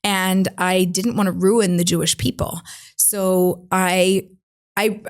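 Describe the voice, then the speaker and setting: A middle-aged woman, a matchmaker, telling an animated story in conversation, acting out the voices of people she quotes. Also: on the low side, takes it slowly. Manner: expressive, acts out quoted voices with laughter. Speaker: matchmaker, interview guest.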